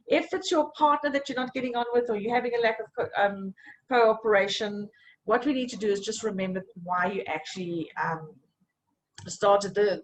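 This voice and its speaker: An encouraging woman leads a live online coaching session, stopping often to check that her listeners follow. Her voice sits at an ordinary middle pitch. A faint hiss of background noise runs under her talk. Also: rough recording. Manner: encouraging, repeats "okay?" to check in.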